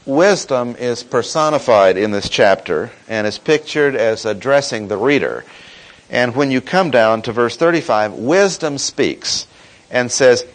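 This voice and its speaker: A man preaching an expository sermon, teaching in a measured, emphatic way and slowing down to stress key words. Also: mid-range voice, expressive, low-quality recording.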